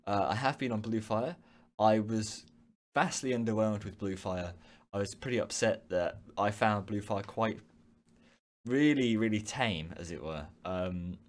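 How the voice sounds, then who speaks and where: Young male host from the UK, fairly low voice, chatty and rambling, answering viewers live. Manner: rambling, frequent ums and restarts. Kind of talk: casual live-stream chat.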